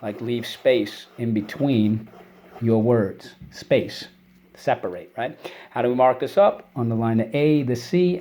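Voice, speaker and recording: A man's voice: medium pitch, darkish tone, slight background noise. Encouraging male teacher drilling spelling words. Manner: encouraging, drilling call-and-response; clear, patient explaining. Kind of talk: spelling and vocabulary lesson for kids.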